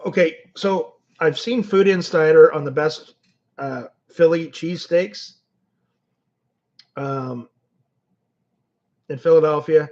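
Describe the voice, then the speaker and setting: A Canadian man hosts a casual livestream, reading comments and rambling through stories with frequent restarts. His fairly high, slightly mellow voice is fairly even in intonation, and he speaks slowly with many pauses. The stream audio is dull and lo-fi.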